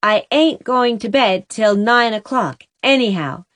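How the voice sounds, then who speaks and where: A woman's voice: a little high, expressive, measured pace, no echo, pitched above the performer's own voice. Woman doing an indignant young boy. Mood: defiant. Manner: defiant, rebellious outbursts.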